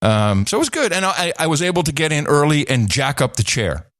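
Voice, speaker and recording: Animated middle-aged man telling stories. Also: a little high, a little fast, dry recording, studio quality. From Netherlands. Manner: lively, animated storyteller with many restarts. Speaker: podcast co-host. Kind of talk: casual chat, storytelling.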